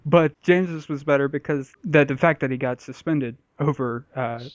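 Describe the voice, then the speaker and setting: A man's voice: a little high, normal speed, dry recording, muffled recording. A man hosting a casual, crude comedy podcast segment, joking and laughing as he calls on contestants. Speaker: podcast host running a game segment. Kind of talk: casual chat.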